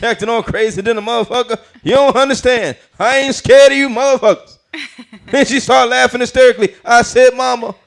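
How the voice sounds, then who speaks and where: A man putting on a brash, foul-mouthed grown-up comedian voice, loud and profane. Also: very high voice, a little fast, creaky, pitched above the performer's own voice. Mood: rowdy.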